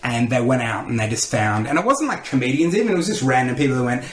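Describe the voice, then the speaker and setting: A man, a comedian telling lively stories in a podcast interview and acting out the voices of people he quotes. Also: mid-range voice, fast, few pauses, reverberant, a crowd in the background. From Australia. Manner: animated storyteller who acts out quotes. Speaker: comedian and radio host, podcast guest. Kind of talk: casual interview storytelling.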